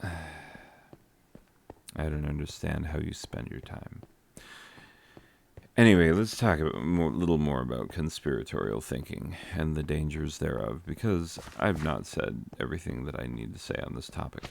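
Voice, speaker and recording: A man, a teacher, rambling casually over his gameplay with jokes, trailing off and filling pauses with ums. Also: a bass voice, gravelly, slight background noise. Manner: meandering, joking, trails off with many fillers. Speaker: teacher making a gaming vlog. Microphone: close desk microphone.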